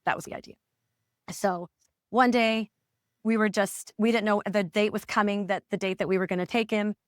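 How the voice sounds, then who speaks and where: A woman's voice: medium pitch, steady tone, normal speed, no echo, clean studio sound. A woman in her forties, a parent coach, telling her family's story in an interview with earnest feeling and acting out the remembered dialogue. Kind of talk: candid personal storytelling in a podcast interview.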